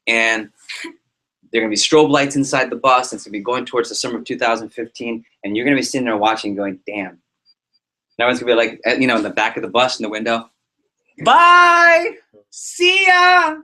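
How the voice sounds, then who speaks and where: A man giving a motivational talk to his sales team as their liaison, animated and joking, acting out little scenes. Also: mid-range voice, fast talker.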